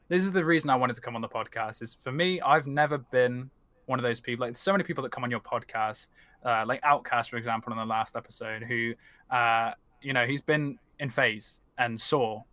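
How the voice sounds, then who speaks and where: A man talking as a podcast guest, chatty and quick, leaning on fillers like "like" and "you know". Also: medium pitch, sharp tone, dry recording. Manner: chatty, fast, heavy on fillers. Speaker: podcast guest, team stream lead. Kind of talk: casual podcast chat.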